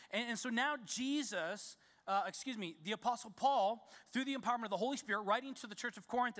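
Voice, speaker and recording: Male pastor, sermon delivery, emphatic and insistent, high bright voice, long hall reverb. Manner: emphatic, repeats key words for stress. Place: church sanctuary.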